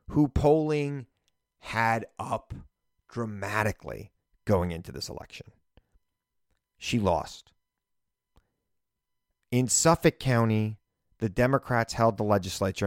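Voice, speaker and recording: A man's voice: on the low side, gravelly, no room sound, clean studio sound. A male podcast host with a light Long Island accent, talking politics in a blunt, conversational way with wry asides. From Long Island, New York.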